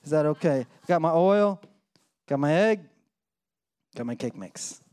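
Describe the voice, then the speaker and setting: High-voiced man preaching. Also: a little slow, clear, resonant tone. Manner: animated, acts out voices in his story. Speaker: pastor. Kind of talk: sermon with storytelling.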